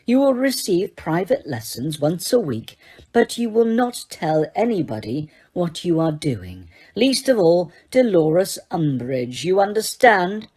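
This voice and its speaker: A woman reading an audiobook, voicing a cold, sneering male teacher who speaks slowly, quietly and waspishly. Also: lowish voice, sing-song. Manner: slow, quiet and silkily waspish.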